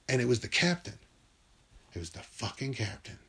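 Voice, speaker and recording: A man telling a personal story from his school days in a wry, profane, animated way. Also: mid-range voice, fast.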